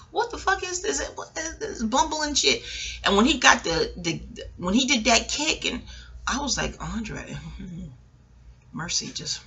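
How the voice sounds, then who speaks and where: A woman's voice: sits high, sharp tone. A middle-aged woman giving a rambling, profane TV recap, talking straight to her viewers and laughing often. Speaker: vlogger.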